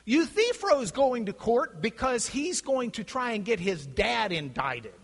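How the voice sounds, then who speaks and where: A middle-aged man gives a classroom lecture in a very high voice at a measured pace. He's animated and acts out the voices in the quotes he reads. The hall is echoey.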